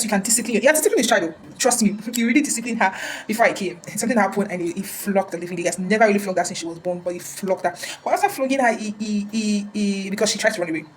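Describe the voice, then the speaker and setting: A woman's voice: medium pitch, slight background noise, low-quality recording. A woman counselor giving earnest advice in a casual talk, often repeating words and restarting.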